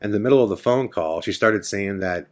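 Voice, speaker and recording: A man's voice: lowish voice, fairly quick. A man hosting a podcast, telling a personal ghost story casually and acting out the dialogue. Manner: casual storytelling, acts out quoted dialogue, frequent "I'm like". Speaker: podcast host.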